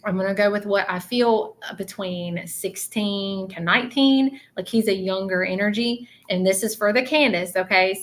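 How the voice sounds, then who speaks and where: A woman's voice: mid-range voice, fairly bright tone. Earnest woman medium on a livestream. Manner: earnest, repeats "okay?" often. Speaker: psychic medium. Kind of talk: livestream reading to viewers.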